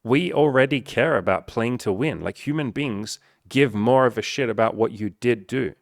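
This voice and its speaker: A man's voice: medium pitch, moderate pace, no room sound, clean studio sound. A man speaking as a dating coach in a blunt, profane, emphatic motivational monologue.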